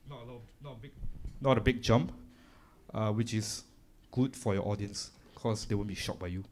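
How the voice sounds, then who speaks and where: This live audio workshop features a Singaporean English-speaking man who walks through the equipment in a relaxed, talkative manner while chewing gum. His voice sits on the low side with a darkish tone, and the setting is a live event room.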